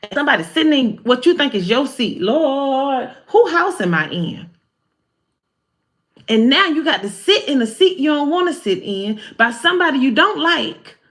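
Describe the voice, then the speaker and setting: A woman giving a live-stream spiritual talk as a card reader, animated, humorous and preachy, with a folksy way of talking. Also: high-pitched, moderate pace.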